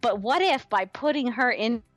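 A woman's voice: fairly high pitch, animated, moderate pace, dry recording, soft background music. A woman co-hosting a casual fan podcast, bubbly and laughing often. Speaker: podcast co-host.

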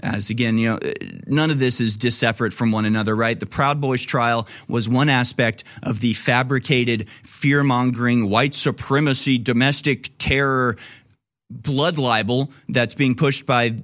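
Talk radio host, man, steady mid pitch, quotes and scoffs with emphatic indignation. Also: moderate pace.

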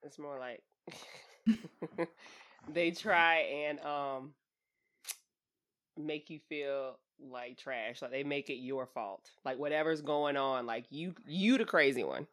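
A man in a casual chat, talking in a relaxed, colloquial way. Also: a little high, slow pace, pauses often. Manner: relaxed, colloquial, laughs easily.

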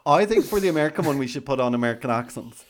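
An Irish man co-hosts a podcast in relaxed, casual chat. He talks in a chatty, rambling way, often teasing himself, with a voice of middling pitch. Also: rapid-fire. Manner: chatty, rambling, self-mocking. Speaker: podcast co-host.

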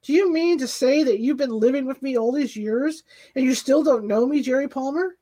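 A proud older wife, married for decades, speaks in a fairly high voice with quick, waspish retorts, as a woman narrating puts her on. It is close to the reader's own voice. It sounds like a plain audiobook character reading. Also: mellow. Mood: stung.

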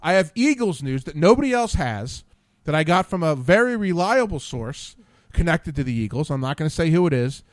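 A man's voice: fairly high pitch, very animated, fairly quick, no room sound. A man hosting a podcast, telling rambling, profane stories and losing his train of thought. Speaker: podcast host. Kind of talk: casual profane storytelling.

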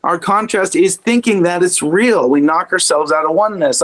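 A man's voice: sits high, moderate pace, few pauses, fairly bright tone. A man as a podcast guest, chatting casually and animatedly about spirituality, swearing freely and mocking his own inner voice.

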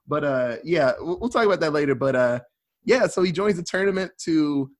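A man with a fairly high voice hosts a casual movie podcast. He rambles through his recap with a loose, profane, easygoing delivery and plenty of "uh"s. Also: expressive, fairly quick. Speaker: podcast host.

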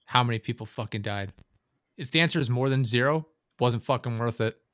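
A man's voice: mid-range voice, a little fast, a bit bright, no room sound, clean studio sound. A man hosting a casual talk show, speaking bluntly and rambling, swearing often. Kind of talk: casual chat.

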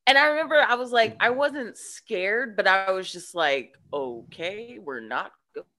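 A woman's voice: medium pitch, a little slow. A woman, a podcast guest, telling a childhood story in casual chat and acting out the voices in it. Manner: animated, acts out voices in her story.

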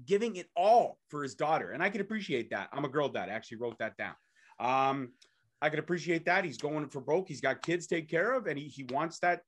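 Eager young man recapping, slightly high voice. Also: a bit bright. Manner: eager, hurried play-by-play recapping. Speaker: podcast co-host. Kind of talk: casual wrestling recap chat.

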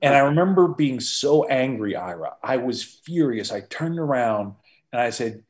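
A man guesting on a podcast, a mid-pitched voice that sits right in the ordinary range. He tells stories with animation and keeps restarting his sentences. He talks like someone recounting his own experiences. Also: moderate pace. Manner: animated storyteller, frequent restarts. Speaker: podcast guest, former football executive. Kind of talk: conversational interview storytelling.

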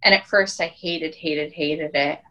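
A woman's voice: deep voice, steady tone, measured pace, pushed and bright, highs cut off. A woman in her thirties from Wyoming, telling stories in a casual podcast chat with lots of "like" and "um.". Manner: chatty storyteller, many "like" and "um" fillers. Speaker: podcast guest.

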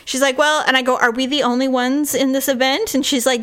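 A woman with a slightly high voice tells a story in a relaxed podcast chat. She acts out everyone's lines with animated shifts and keeps breaking into laughter. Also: a little fast.

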